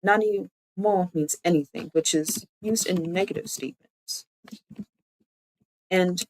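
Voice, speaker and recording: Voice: medium pitch, a little mellow, rough recording. A streamer giving a casual live-stream lesson, explaining loosely with lots of "like" and thinking aloud. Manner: chatty, loose explanations full of "like"; self-correcting, thinking aloud. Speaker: streamer teaching language.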